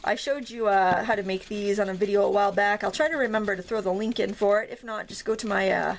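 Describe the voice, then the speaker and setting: A woman's voice: medium pitch, fairly even intonation, fast talker. A woman from Maine with a Maine accent, hosting a casual craft tutorial in a chatty, jokey, self-deprecating way.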